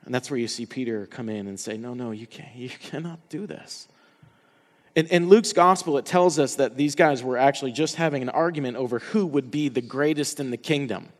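A man's voice: medium pitch, a little fast, long reverb tail. A man preaching a sermon in an earnest way, restarting and repeating words as he builds emphasis. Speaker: pastor.

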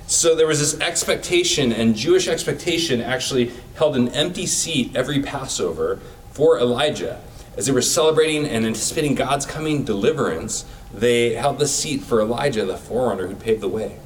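A man's voice: medium pitch, expressive, a little fast, distant mic, slight background noise, rough recording. A man giving a sermon in a casual, conversational way, using everyday comparisons. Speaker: preacher.

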